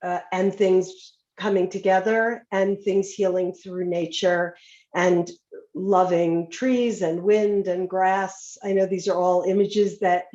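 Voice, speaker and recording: A woman hosting a tribute show, introducing a theater excerpt in a slow, reflective way with casual fillers. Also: on the low side, steady tone, dark tone, roomy sound, muffled recording.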